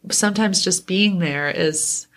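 A woman's voice: fairly low pitch, a little slow. A woman guest on a podcast, speaking in a reflective, earnest way with a lot of hesitation, teary at times. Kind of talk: casual chat.

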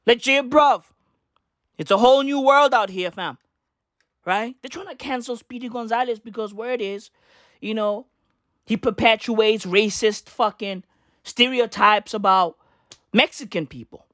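A man's voice: high-pitched, measured pace, bright, forceful tone, no echo, clean studio sound. Profane, slangy man ranting. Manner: profane, slangy, rambling with rhetorical "right?". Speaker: vlogger. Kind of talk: casual ranting monologue.

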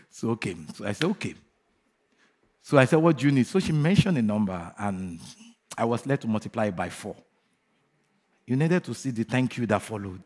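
A man preaching a fervent sermon who asks his congregation questions and leads them in shouted declarations. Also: medium pitch, big pitch swings, moderate pace, pauses often, breathy edge. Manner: asks the crowd rhetorical questions. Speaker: pastor.

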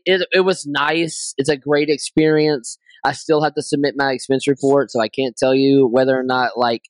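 A man's voice: mid-range voice, no echo. Rambling, chatty male podcast host. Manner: rambling, musing, animated. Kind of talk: casual chat.

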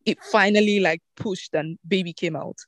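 A woman hosting a casual chat, lively and full of fillers, inviting her guests to share. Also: on the low side, moderate pace, no echo.

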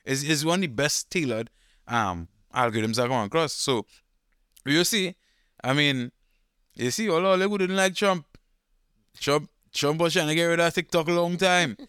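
Smooth-voiced man, relaxed chat. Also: a little high, dry recording, studio quality. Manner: relaxed, rambling, drawn-out thinking aloud. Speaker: podcast co-host. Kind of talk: casual chat.

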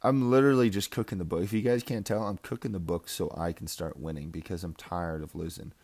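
A man's voice: sits low, fairly even intonation, fairly quick, darkish tone. A young man giving a casual, rambling fantasy football recap, full of trash talk and laughter. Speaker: fantasy football league member.

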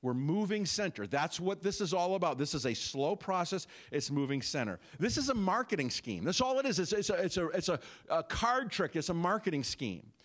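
A man preaching a sermon, animated, with frequent rhetorical questions and asides to the congregation. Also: high-pitched, a little fast, hardly any pauses. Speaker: pastor.

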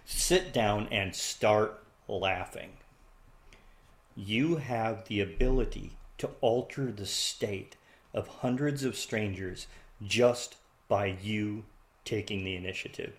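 A man in casual conversation, an animated storyteller who laughs often and jumps into loud, excited voices when quoting. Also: fairly low pitch, takes it slowly. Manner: laughs often while talking.

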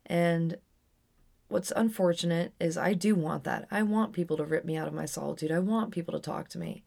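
A woman's voice: lowish voice, a little fast, vocal fry, a little mellow. A young adult woman telling a personal story on her podcast in a candid, rambling way with frequent restarts. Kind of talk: casual storytelling monologue.

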